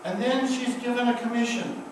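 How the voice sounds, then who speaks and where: A man preaching a sermon as pastor, building slow, emphatic repeated refrains. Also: extremely high pitch, steady tone, a little hiss or hum. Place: church sanctuary. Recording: echoey church from a distance.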